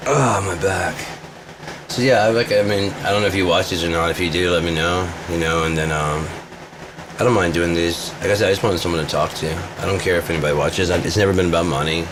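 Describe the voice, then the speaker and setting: A man with a very deep, low voice rambles through a casual vlog, swearing freely and boasting. A steady noise sits clearly behind him, like a vehicle humming. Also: fast talker. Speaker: vlogger.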